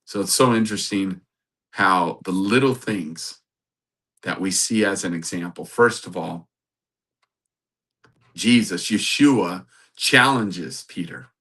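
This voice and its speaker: A man hosting a podcast, giving a sermon-like Bible talk, animated and laughing often. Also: sits low, takes it slowly, long pauses, husky. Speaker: podcast host.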